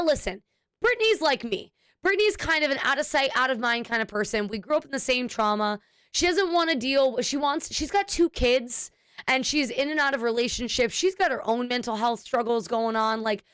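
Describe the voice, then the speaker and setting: A woman's voice: on the high side, a bit bright, smooth, dry recording. A woman in her thirties chatting with her stream viewers, telling a long family story candidly, rambling and swearing. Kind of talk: casual chat with viewers.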